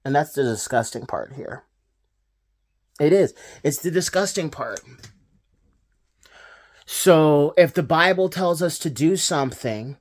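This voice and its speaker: Male commentary host, mid pitch, scornful ranting delivery. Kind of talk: reaction commentary.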